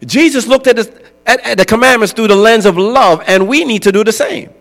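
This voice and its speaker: A man's voice: sits high, brisk, fairly bright tone. A male pastor preaching a sermon in a conversational way, often asking his congregation "right?". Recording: long hall reverb with mains hum.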